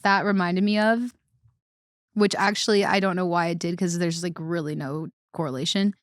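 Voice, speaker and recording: A woman's voice: on the low side, steady tone, moderate pace, dry recording, studio quality. A woman co-hosting a podcast in casual chat, giggly and rambling as she tells stories. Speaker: guest co-host.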